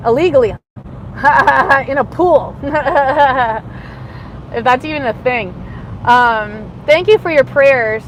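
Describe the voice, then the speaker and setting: Slow and high-pitched, a woman driving in city traffic rants heatedly on her livestream, alternating between shouting and muttering in a rambling way. Traffic and road noise make the car recording noisy.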